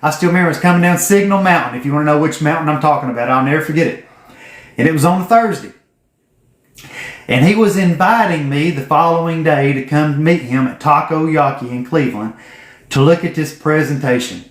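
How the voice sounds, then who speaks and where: A man's voice: a little high, fairly quick. A man tells a story to camera in a blunt, folksy, profane way. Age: 40s. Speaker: vlogger. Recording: roomy echo.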